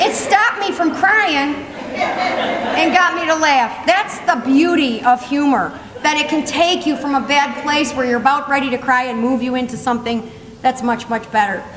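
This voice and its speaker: Older lady, high voice, animated funny speech, laughing a lot, big echoey hall. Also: moderate pace, a crowd in the background. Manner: animated, laughing while telling stories. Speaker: motivational speaker. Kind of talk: humorous storytelling speech. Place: conference hall. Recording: echoey hall with faint room noise.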